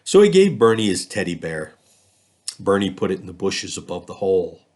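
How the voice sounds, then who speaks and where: A man reading a children's storybook aloud, expressive and lively in his storytelling. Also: low-pitched, normal speed. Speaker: school district reader.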